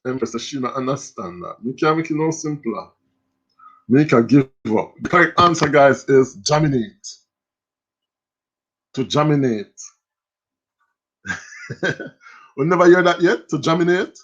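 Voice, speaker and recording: A Jamaican man runs a live quiz show, teasing the players and reading out viewer comments. His voice sits a little high, and the stream audio is muffled and lo-fi. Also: unhurried, pauses often. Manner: animated, joking, reads chat comments aloud. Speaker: quiz host.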